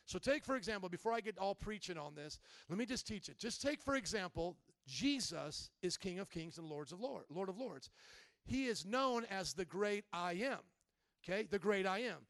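Male pastor, high voice, lively emphatic preaching, dry close sound. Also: normal speed, no room sound. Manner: animated, emphatic preaching, bursts into shouts. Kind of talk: sermon. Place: church service.

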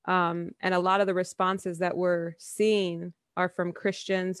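A woman's voice: lowish voice, little pitch movement, normal speed, few pauses, no echo, studio quality. A woman co-hosting a podcast, talking in an earnest, firm way. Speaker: podcast co-host. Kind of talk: casual podcast talk.

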